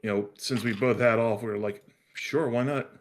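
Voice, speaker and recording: A man's voice: medium pitch, steady tone, normal speed, a little hiss or hum. Laid-back man chiming in on a podcast. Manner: brief agreeing interjections, laid-back. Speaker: podcast co-host. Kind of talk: casual live-stream chat.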